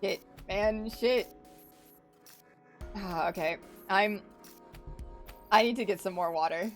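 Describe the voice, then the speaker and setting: A woman streamer reads a story game aloud at a middling pitch. She reacts openly, swearing and stumbling over her words when it hits hard. Faint music plays behind her. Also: slow. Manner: emotional, swears freely, restarts when upset.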